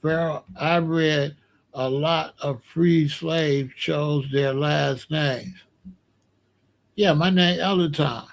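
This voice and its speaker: A man's voice: fairly high pitch, steady tone, extremely slow, creaky. Blunt, profane ranting man. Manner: blunt, profane, repetitive, dismissive. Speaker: commentator reacting to comments. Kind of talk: casual ranting commentary.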